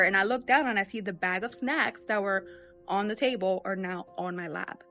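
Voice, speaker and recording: A woman's voice: mid-range voice, normal speed, bright, forceful tone, faint music behind. A woman outdoors telling a personal encounter in a conversational way, with many fillers. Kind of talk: personal storytelling.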